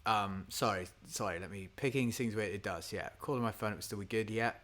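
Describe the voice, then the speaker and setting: A man's voice: fairly low pitch, brisk, a bit bright. A man talking casually while writing a song, thinking aloud, trailing off and trying lines under his breath. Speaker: singer-songwriter streaming a songwriting session.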